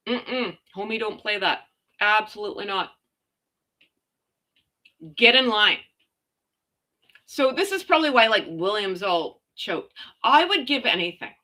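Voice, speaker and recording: Middle-aged woman from Canada, casual ranting vlogger, sarcastic and slangy, bright animated voice. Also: mid-range voice. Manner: blunt, sarcastic, slangy, mild swearing. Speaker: commentary vlogger.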